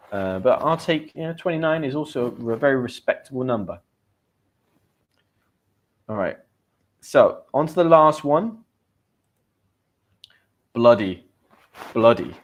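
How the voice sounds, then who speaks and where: An Englishman teaching English expressions in a chatty, upbeat live stream, repeating key words and reading viewers' comments. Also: mid-range voice. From England. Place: home in Spain.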